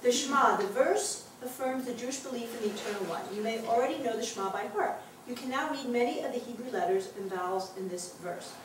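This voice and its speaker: A woman teaching a Hebrew class to adults, patiently explaining and reading words aloud slowly. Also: fairly high pitch, slight background noise. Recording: very echoey classroom taped from far off.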